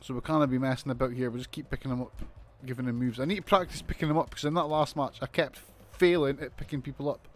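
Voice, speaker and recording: A man commentating on a wrestling video game as he plays, excitable, swearing and shouting in disbelief. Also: mid-range voice, fast talker, few pauses. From United Kingdom. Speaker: gaming commentator.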